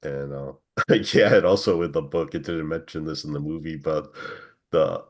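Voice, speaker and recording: A man's voice: a bass voice, steady tone, normal speed, background noise. A man talking casually in a book club discussion, hesitant and full of restarts. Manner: hesitant, many fillers and restarts, laughs.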